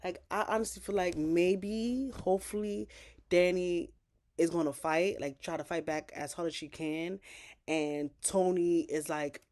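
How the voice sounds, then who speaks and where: A woman YouTuber giving a chatty, profane, lively recap of a TV episode. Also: on the low side, a little slow.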